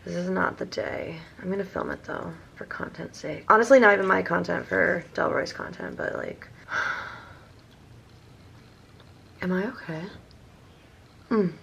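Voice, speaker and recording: A young woman from Maryland, hoarse with her voice mostly gone, rambling through a casual vlog story with lots of fillers. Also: on the low side, takes it slowly, pauses often, fairly bright tone. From Maryland, USA. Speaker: vlogger.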